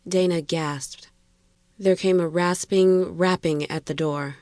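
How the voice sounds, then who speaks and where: A woman narrating a horror story in a measured, steady reading. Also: on the low side, no echo, studio quality.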